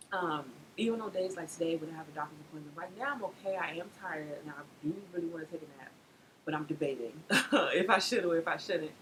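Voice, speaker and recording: Chatty young woman vlogging with background noise. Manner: chatty, laughs often, animated pitch swings. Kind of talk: casual pregnancy update vlog.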